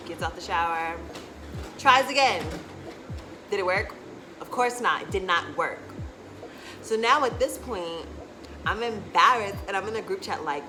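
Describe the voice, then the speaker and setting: A woman's voice: on the low side, expressive, measured pace, pauses often, low-quality recording. A young woman telling a candid storytime in a chatty, casual way, often saying "like" and swearing freely. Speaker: vlogger. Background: background music.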